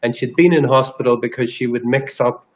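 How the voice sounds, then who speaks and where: A man's voice: medium pitch, brisk, low-quality recording. A man from Ireland, a guest energy healer telling a personal story in an interview, earnest and rambling, with restarts. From Northern Ireland.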